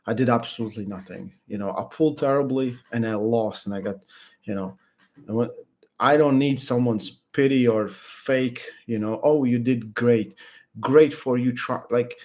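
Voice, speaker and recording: A young man chatting casually about arm wrestling, blunt and halting, full of restarts and fillers. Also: medium pitch, darkish tone. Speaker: arm wrestling podcast regular. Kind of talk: casual chat.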